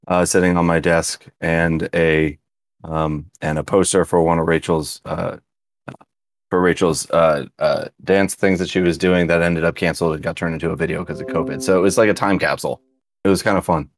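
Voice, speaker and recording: Deep-voiced man in rambling podcast chat. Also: fairly even intonation, brisk. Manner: joking, rambling with restarts. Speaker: podcast co-host. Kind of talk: casual chat.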